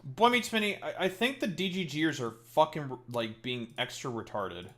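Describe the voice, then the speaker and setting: A man's voice: fairly high pitch, lively intonation, normal speed, a bit bright. A man streaming a game live, talking casually and ranting profanely at his chat.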